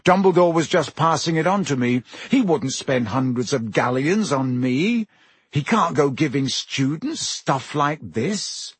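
Narrator voicing a plain, low-key teenage boy in a storybook, husky and close. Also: animated, unhurried, dry recording, heavily acted. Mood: subdued. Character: quiet teenage boy wizard.

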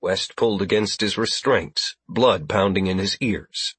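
A man narrating a science-fiction audiobook in a steady, even storytelling manner. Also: low voice, unhurried, breathy edge, no echo. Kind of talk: scripted narration.

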